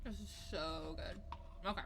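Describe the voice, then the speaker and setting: A woman's voice: lowish voice, fairly even intonation, unhurried, creaky, noisy background. Sarcastic, foul-mouthed woman streamer. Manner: sarcastic, swears freely. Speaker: livestreamer. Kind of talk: gameplay livestream commentary.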